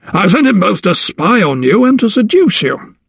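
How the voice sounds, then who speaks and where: A man's voice: high voice, very animated, moderate pace, vocal fry, a bit bright, breathy edge, no echo, voice pushed up, heavily acted. A cold, domineering older lawyer, as a male narrator plays him, speaking with haughty condescension. The reading is dry and close.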